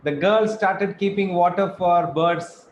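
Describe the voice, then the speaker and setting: A man narrating the close of a children's story in a measured storybook manner. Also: high-pitched, roomy sound, muffled recording, slight background noise.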